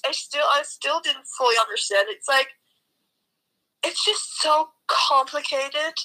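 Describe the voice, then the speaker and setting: A woman's voice: high-pitched, bright, forceful tone, rough recording. A young woman chatting casually, ranting animatedly and swearing a lot. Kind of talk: casual chat.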